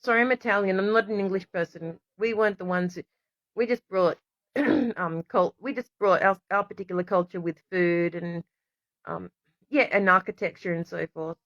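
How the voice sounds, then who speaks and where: A woman's voice: lowish voice, moderate pace, fairly bright tone, dry recording. A woman talks in an emotional, rambling monologue to camera and keeps breaking off to apologize. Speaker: vlogger. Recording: dull lo-fi recording.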